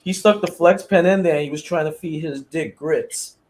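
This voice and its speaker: Man, fairly high voice, casual, laughing, mimics voices. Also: normal speed, darkish tone. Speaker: podcast co-host, former corrections officer. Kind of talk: casual storytelling chat.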